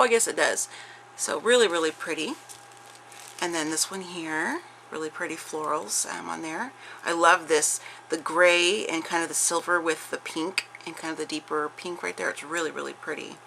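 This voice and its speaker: A woman's voice: lowish voice, gravelly, bright, forceful tone, a little hiss or hum, rough recording. A middle-aged woman showing off a craft haul in chatty show-and-tell style, gushing over each piece with many fillers and restarts. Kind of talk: casual show-and-tell chat.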